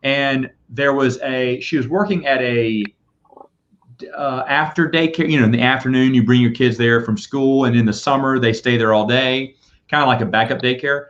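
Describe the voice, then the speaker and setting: A man hosting a casual chat, telling rambling, animated stories. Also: medium pitch, moderate pace. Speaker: podcast host. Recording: dull lo-fi audio.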